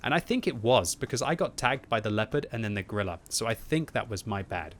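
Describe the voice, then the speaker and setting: A man's voice: on the low side, expressive, quick pace. Chatty gamer man with game noise behind. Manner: chatty, thinks aloud, bursts into loud frustrated yelling. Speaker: gaming video host. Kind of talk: live gameplay commentary. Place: upstairs room at home.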